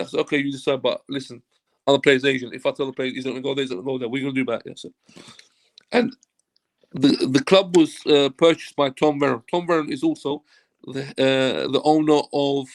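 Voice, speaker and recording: This man has a medium-pitched, creaky voice. A football agent appearing as an interview guest, he tells a casual anecdote with animation, acting out the quoted dialogue and swearing freely.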